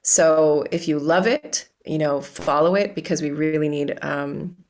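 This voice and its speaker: A woman's voice: low voice, a little slow, darkish tone. A middle-aged woman guest on a podcast interview, talking in a bubbly, enthusiastic way from a recording studio. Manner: bubbly, enthusiastic, laughs often. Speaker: guest, author and music coach.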